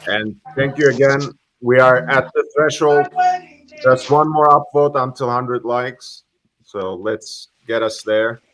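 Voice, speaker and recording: A man co-hosting a casual livestream, speaking calmly and asking for viewer support. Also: mid-range voice, takes it slowly.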